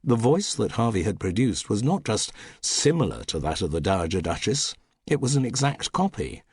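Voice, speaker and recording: Male audiobook narrator, husky and dry, wry measured delivery with a lively pitch. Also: no echo. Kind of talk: scripted narration.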